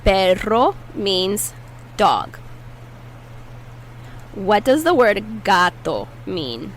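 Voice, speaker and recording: A woman teaching Spanish vocabulary in a patient way, saying each word slowly and repeating it for learners. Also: mid-range voice, big pitch swings, slight background noise, low-quality recording. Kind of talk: slow, clear language lesson.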